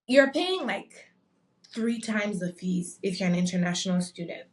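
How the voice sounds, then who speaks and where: A young adult woman from Nigeria, a podcast guest, telling a story in a casual, animated way and acting out the voices of the people in it. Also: mid-range voice, moderate pace, far from the mic. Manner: animated, acts out quoted voices.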